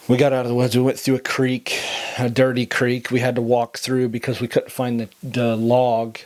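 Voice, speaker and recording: A middle-aged man earnestly telling a personal story on a podcast, acting out what people said. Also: lowish voice. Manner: earnest, acts out quoted dialogue. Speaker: podcast host telling his testimony.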